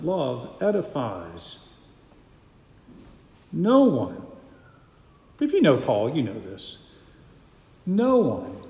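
A man's voice: a little high, a little mellow. Emphatic male preacher in an echoey hall. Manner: emphatic, repeats key phrases. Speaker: pastor. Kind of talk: sermon.

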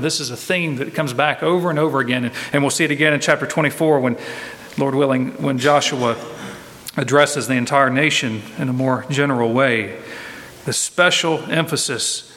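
Emphatic preacher in a reverberant hall. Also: male voice, mid-range voice, sharp tone. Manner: emphatic preaching with repeated rising refrains. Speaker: pastor. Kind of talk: sermon.

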